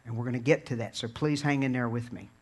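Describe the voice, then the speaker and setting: A man from Virginia preaching a sermon in an earnest, conversational way, dropping low and quiet and then building to fervent peaks. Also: fast. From Virginia, USA. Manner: conversational storytelling with repeated words and restarts.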